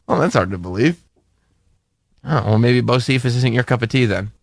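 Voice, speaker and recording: A man's voice: mid-range voice, normal speed, vocal fry. A man co-hosting a radio show, chatting casually and joking with a light laugh.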